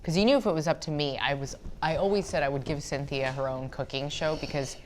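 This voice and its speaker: A woman's voice: low-pitched, fast, slight background noise. A woman hosting a podcast, asking questions and reminiscing enthusiastically in casual chat. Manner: enthusiastic, laughing easily. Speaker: podcast host.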